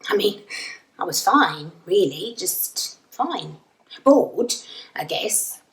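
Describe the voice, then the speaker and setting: A dry, self-mocking young Englishwoman rambles on about her ordinary life in an audio drama monologue. Her voice sits at an everyday middle pitch. It sounds roomy and a little far from the mic. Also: big pitch swings, takes it slowly. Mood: wry. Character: wry, self-deprecating young woman lost in a void. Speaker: narrator and lead character.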